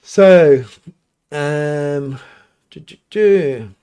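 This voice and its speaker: A man's voice: on the high side, drawn-out words, warm tone, clear, resonant tone. A middle-aged man, a priest hosting a live question-and-answer stream from his home studio, talks casually and rambles with many restarts and fillers.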